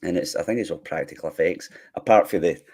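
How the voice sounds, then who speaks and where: A man's voice: sits low, fast, a little mellow, husky. A Scottish man co-hosting a podcast, rambling enthusiastically with lots of fillers. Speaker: podcast co-host. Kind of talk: casual chat.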